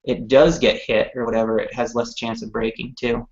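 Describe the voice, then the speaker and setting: A man's voice: mid-range voice, little pitch movement, moderate pace, a little mellow. A man in his thirties chatting casually and upbeat about products as a company representative on a live show, with many fillers. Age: 30s. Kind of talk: live-streamed product chat. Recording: dull lo-fi stream audio.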